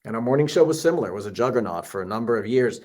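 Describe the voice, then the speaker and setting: A man's voice: mid-range voice, expressive, racing, a little mellow. Guy hosting a podcast, upbeat and encouraging, turns stories into life lessons. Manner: encouraging, motivational, sums up lessons. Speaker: podcast host. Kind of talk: interview conversation.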